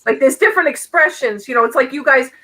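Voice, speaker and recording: A woman in her fifties with a Bronx New York accent chats on a livestream. Her voice sits fairly high and sounds bright and forward. She talks in a friendly, chatty way. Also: quick pace, low-quality recording. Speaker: teacher. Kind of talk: casual livestream chat.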